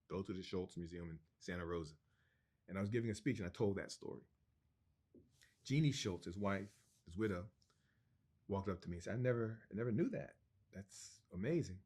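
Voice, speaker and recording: A middle-aged man, a cartoonist guest, telling a long personal story in an interview, animated and stumbling over restarts. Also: on the low side.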